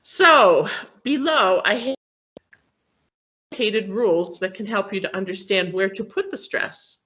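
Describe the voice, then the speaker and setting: A woman's voice: mid-range voice, measured pace, a bit bright, lo-fi sound. A woman teaching an English class, explaining patiently with many fillers and frequent checks for understanding. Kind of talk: classroom lesson on word stress.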